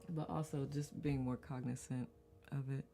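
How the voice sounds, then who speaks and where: A woman's voice: rumbling low, steady tone, moderate pace, mellow, soft background music. A woman hosting a casual live-stream circle, chatting, reading viewer comments aloud and laughing often in rambling asides. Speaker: host of a live community circle.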